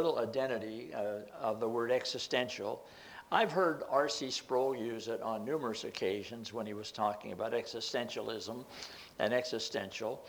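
A man's voice: mid-range voice, low-quality recording. An older man giving an informal Bible study talk, explaining word meanings step by step in a meandering way.

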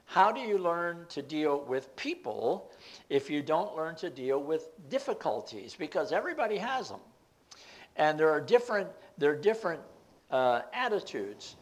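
A man's voice: fairly high pitch, very animated, normal speed, rough recording. An older man giving an informal Bible study talk, explaining word meanings step by step in a meandering way.

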